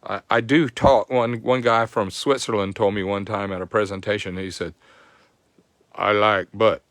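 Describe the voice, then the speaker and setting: Southern male host, lowish voice, folksy live-stream teacher, dry recording. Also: steady tone, normal speed, no echo. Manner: folksy, explains step by step, greets viewers. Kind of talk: live-streamed technical lesson.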